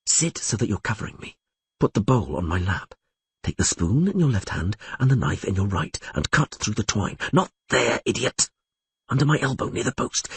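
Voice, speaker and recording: Guy doing a sly captive, hissy and low, kinda raspy. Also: sing-song, moderate pace, no room sound, exaggerated voice. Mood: hissing. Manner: hissing, low conspiratorial. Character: cunning bound male captive, cold and mocking.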